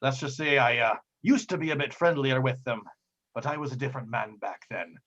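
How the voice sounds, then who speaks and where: A gruff, clumsy pirate captain with a hook for a hand, as a man puts him on. He growls in old-timey pirate slang, in a hushed, husky voice on a dull, lo-fi recording. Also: medium pitch, a little fast.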